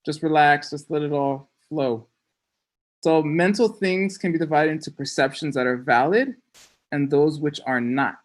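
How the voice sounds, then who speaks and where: A teacher giving a relaxed online class, joking often and checking in with "okay?". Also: mid-range voice, normal speed. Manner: playful, joking, frequent "okay?" check-ins. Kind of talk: casual online class lecture.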